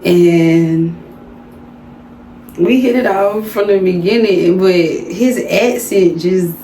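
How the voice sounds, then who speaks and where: A woman's voice: lowish voice, takes it slowly, warm tone. A young woman with a Southern American accent, chatting casually to her viewers in a vlog and calling them y'all. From Southern United States. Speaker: vlogger. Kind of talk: casual chit-chat vlog. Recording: roomy home recording with faint background noise.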